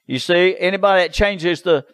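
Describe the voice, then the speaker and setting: Male preacher, somewhat high voice, insistent and repetitive delivery. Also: normal speed, a bit bright, no room sound, poor audio. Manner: insistent, repetitive, drawling "you see" asides. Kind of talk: sermon.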